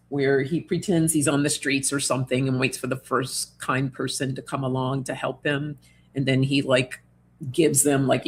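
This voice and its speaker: Creaky-voiced woman hosting a reading stream. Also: a bass voice, slight background noise. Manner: chatty and reassuring, laughs often, many fillers. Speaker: host of an oracle card reading livestream. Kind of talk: casual livestream chat, reading viewer comments.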